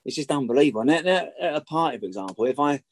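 Talking fast and animatedly in a fairly high voice, a middle-aged podcast guest shares stories with blunt candor. Profanity comes often, and he hammers his points home by repeating them, all on a dry recording.

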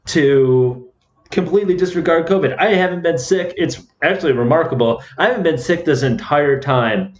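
A man's voice: on the high side, moderate pace. A man hosting a podcast, asking eager, rambling questions. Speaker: podcast host. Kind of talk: casual conversation. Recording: roomy, dull lo-fi sound.

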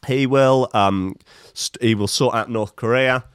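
A man's voice: mid-range voice, unhurried, smooth, dry recording, studio quality. A man in his fifties reading odd news stories and adding wry, rambling comic asides, with many fillers. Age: 50s. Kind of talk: casual comic news commentary.

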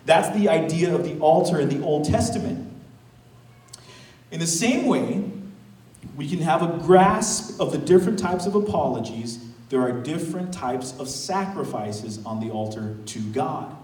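A man preaching as pastor in a conversational, animated way, with casual asides and laughter. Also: fairly high pitch, a little slow, reverberant, recorded from a distance, low-quality recording. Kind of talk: sermon. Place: church sanctuary.

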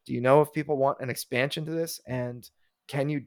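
A man's voice: medium pitch, fairly even intonation, fairly quick, a little mellow, no echo, clean studio sound. A man co-hosting a podcast in casual chat, wry and blunt, firing off rhetorical questions. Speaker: podcast co-host.

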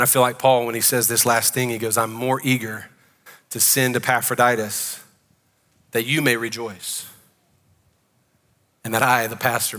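A man with a Southern US accent preaching a sermon as pastor, joking and animated. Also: mid-range voice, long reverb tail. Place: church sanctuary.

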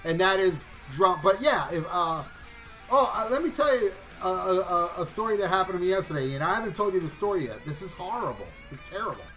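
A man casually telling a long story on a talk show, animated and profane, acting out voices and shouting at the punchlines. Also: high voice, a little fast, faint music behind. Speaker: podcast co-host.

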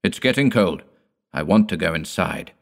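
A man's voice: sits low, expressive, moderate pace, vocal fry. A man voicing a stern, pale old man who speaks curtly in a hollow voice. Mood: menacing. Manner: curt, commanding.

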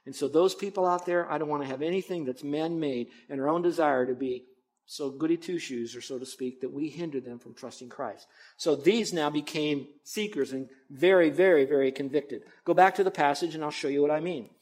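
A male pastor preaching an expository sermon, earnest and emphatic, swinging between loud stresses and quiet asides. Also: fairly high pitch, a little fast.

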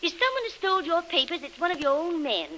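A woman's voice: very high-pitched, sing-song, fast talker, pushed and bright, slight background noise, full character voice, rough recording. An actress playing a coy young woman feigning innocence, with a put-on Southern US accent, in 1940s radio drama. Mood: indignant. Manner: indignant, breathy Southern-belle protests.

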